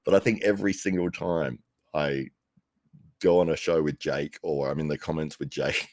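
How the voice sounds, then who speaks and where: A man's voice: a bass voice, fairly even intonation, normal speed, darkish tone, no echo, studio quality. A middle-aged man working as an arm wrestling commentator tells a rambling, casual story, chuckling often and growing livelier when he quotes himself.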